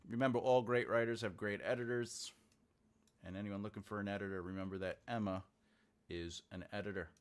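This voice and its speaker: A man's voice: on the low side, fairly even intonation, brisk, clear, resonant tone. A man writing a book live, thinking aloud and chatting with viewers as he types his outline. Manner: thinks aloud, mutters while typing, chats with viewers. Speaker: author livestreaming a writing session. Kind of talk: casual livestream chat while typing.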